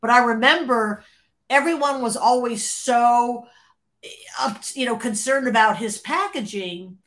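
A woman being interviewed, telling an animated story, laughing often and acting out what others said. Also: a little high, measured pace. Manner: animated, acts out quoted voices, laughs often. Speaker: interview guest, former record label creative executive.

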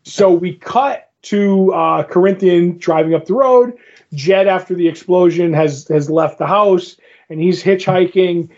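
A man's voice: high voice, a little slow, a little mellow, muffled recording. A man casually recapping a comic story, rambling with many fillers and restarts.

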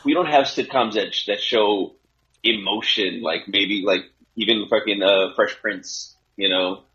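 A middle-aged man co-hosting a podcast in casual chat, swearing freely and getting excitable in his rants. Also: fairly low pitch, measured pace. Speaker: podcast co-host. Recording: dull, lo-fi sound.

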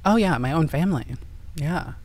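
A woman's voice: deep voice, animated, moderate pace, darkish tone. A woman from Indiana, telling her personal story earnestly and emotionally as an interview guest. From Indiana, USA.

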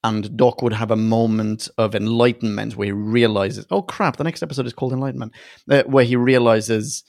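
A man co-hosting a casual chat that reviews a TV episode. He talks in an animated, sarcastic way, laughs often and swears freely. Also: mid-range voice, brisk, vocal fry, no echo, studio quality. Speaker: podcast co-host.

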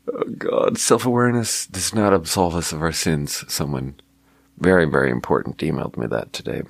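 A man's voice: very deep voice, moderate pace, creaky, dry recording. A man hosting a casual late-night solo podcast, talking in a wry, self-mocking way and swearing freely.

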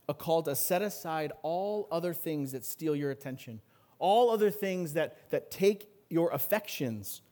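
A man preaching an earnest sermon as pastor, rising in intensity and then dropping low. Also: a little mellow.

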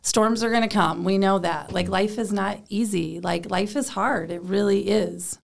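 Mom talking parenting, super gravelly fry voice, chatty, says like a lot. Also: female voice, mid-range voice, normal speed. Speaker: co-host, parent. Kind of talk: casual faith talk.

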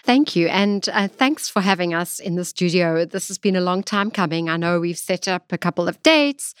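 A woman's voice: lowish voice, animated, moderate pace, clean tone, no room sound. A woman with a South African accent, a guest in a podcast studio interview, talking effusively with many fillers. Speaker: guest, gemstone executive.

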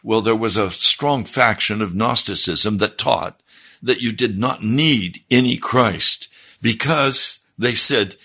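A man preaching a sermon, explaining scripture in a deliberate, teaching manner. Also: on the low side, sharp tone.

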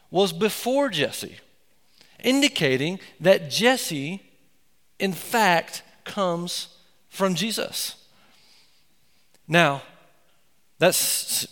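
Pastor guy preaching, emphatic, slow and deliberate, echoey sanctuary. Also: a little high. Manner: earnest, emphatic preaching with excited asides. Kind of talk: sermon. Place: church sanctuary.

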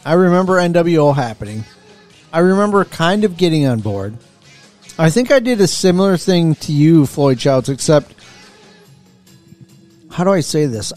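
A man's voice: on the high side, a little mellow. A man co-hosting a casual podcast, telling a long rambling story with many ums and uhs. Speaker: podcast co-host.

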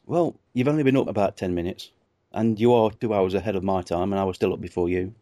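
Brief: male co-host, low voice, teasing and chuckly, dry close recording. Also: fast, warm tone, no room sound. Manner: teasing, laughs often. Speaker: podcast co-host. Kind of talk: casual chat.

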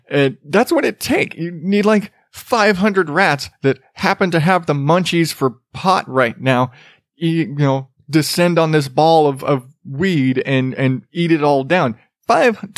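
Male podcast host, casual comedic rant, mocking and profane, slightly high pitch, dry recording. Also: no echo. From Arizona, US. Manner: laughing, profane, rambling, mocking.

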